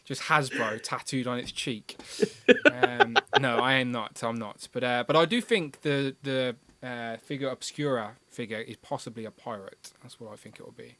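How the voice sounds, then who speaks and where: A man's voice: mid-range voice, normal speed, sharp tone. A man hosting a casual live stream about toys, joking and reading out viewer comments. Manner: jokey, reads out viewer comments. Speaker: livestream host.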